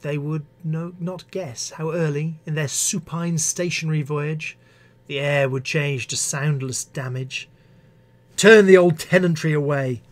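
Man, English teacher, poetry reading, slow, slightly high voice, expressive recitation. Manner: measured, expressive recitation with hesitant asides. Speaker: English teacher hosting a live stream.

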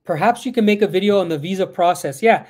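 A man's voice: high-pitched, quick pace, darkish tone. A man answering viewer questions on a casual live stream, reading questions aloud and rambling a little, sometimes switching into Spanish. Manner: rambling, reads out chat questions, mixes in Spanish.

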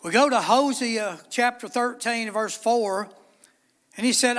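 A bright-toned, fairly high-voiced man preaching in a church sanctuary. He talks in a folksy, plainspoken way, reading scripture and explaining it in everyday terms. The sound carries a long church reverb. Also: unhurried. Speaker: pastor. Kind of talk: midweek sermon.

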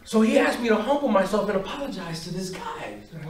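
Speaking slowly with long pauses in a high-pitched voice, a man gives a faith talk to a parish group. He's animated, telling stories and acting out each voice on both sides. The recording is echoey, in a hall, far from the mic.

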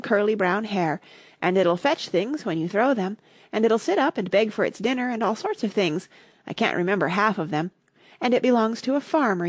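A woman's voice: mid-range voice, breathy edge, no room sound, studio quality. A woman voicing a polite, curious young girl who talks eagerly and rambles. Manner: eager, rambling, quick to apologize.

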